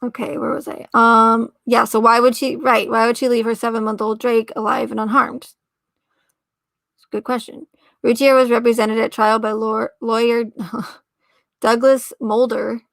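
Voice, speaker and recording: A woman's voice: a little high, flat delivery, normal speed, creaky, a bit bright, dry recording. A woman hosting a casual livestream, reading aloud and rambling, often trailing off, correcting herself and laughing. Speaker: livestream host.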